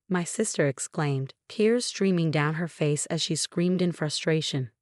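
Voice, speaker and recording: Young woman, story narrator, low-ish voice, dry, even delivery. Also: measured pace, hardly any pauses, no room sound. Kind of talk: scripted first-person story narration.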